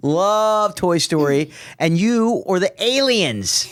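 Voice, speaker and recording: Enthusiastic host with a lively voice. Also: female voice, mid-range voice, slow pace, no room sound. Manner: enthusiastic, laughs often. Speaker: podcast host. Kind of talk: casual interview chat.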